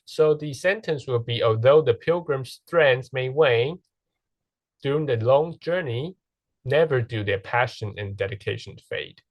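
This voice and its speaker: A man's voice: medium pitch, dry recording. A man teaching a lesson, explaining step by step and checking in with "right?" and "okay". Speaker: English teacher. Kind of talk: recorded classroom lesson.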